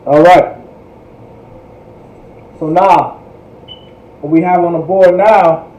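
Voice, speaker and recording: High-voiced man teaching in an echoey room. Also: dark tone, lo-fi sound. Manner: repetitive, drills pronunciation patiently. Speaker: language teacher. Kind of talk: livestreamed class lecture.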